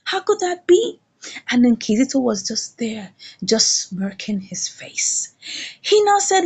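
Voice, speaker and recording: A woman reviews a drama series, retelling the episode dramatically and asking the listener rhetorical questions. Her fairly high voice is very animated but slow, with slight roughness.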